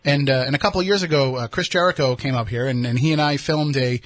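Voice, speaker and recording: A man hosting a podcast and asking questions in a relaxed, casual way, with frequent fillers. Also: medium pitch, fast, dry recording. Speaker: podcast host.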